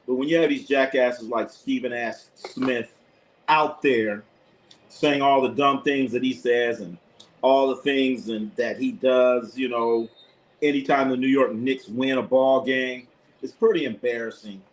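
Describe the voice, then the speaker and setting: A man's voice: medium pitch, fairly even intonation, unhurried, low-quality recording. A man hosting a live basketball stream, calling plays and giving strong, profane opinions to his chat, often repeating himself. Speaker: live sports commentator, channel host. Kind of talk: casual live game commentary to a chat.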